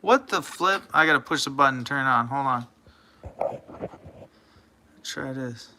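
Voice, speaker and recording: A man's voice: medium pitch, measured pace, pushed and bright, a little hiss or hum. A man rambling through a casual live stream, joking and tripping over his words as he talks to a coin like it's a person.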